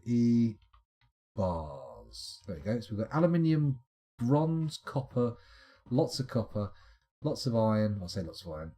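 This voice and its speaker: A man's voice: on the low side, warm tone, breathy edge. A man streaming a management game, muttering his choices aloud with wry asides. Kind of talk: casual let's-play commentary.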